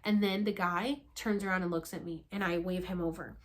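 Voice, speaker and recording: Animated woman telling a story. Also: on the low side, brisk. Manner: animated, acts out the dialogue. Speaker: vlogger. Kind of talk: casual storytelling.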